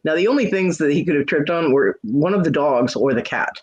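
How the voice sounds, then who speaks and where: A man chats on a casual livestream, trading stories in a candid, swear-friendly way. His voice is on the higher side for a man. The audio is dull and lo-fi, like a home stream. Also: lively intonation, brisk. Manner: candid, swears freely, acts out quoted lines. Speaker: livestream host. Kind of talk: casual chat and storytelling.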